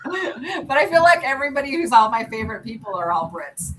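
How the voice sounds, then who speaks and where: A woman's voice: sits high, rough recording. An American woman hosting a casual livestream, chatting and rambling with lots of ums and restarts. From United States. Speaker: livestream host. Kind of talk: casual chat while doing nail art.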